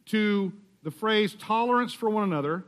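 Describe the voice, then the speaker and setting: A man's voice: high-pitched, normal speed, fairly bright tone. A man preaching as a guest speaker in a church, explaining a scripture passage in a conversational way with humorous asides. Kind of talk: sermon.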